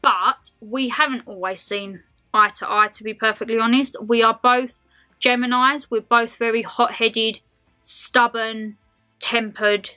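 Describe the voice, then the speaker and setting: Chatty bright-voiced woman in her twenties. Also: a little high, fairly even intonation, measured pace, faint music behind. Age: 20s. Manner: chatty, rambling, calls viewers "my lovelies". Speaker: lifestyle vlogger. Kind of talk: casual Q&A chat to camera.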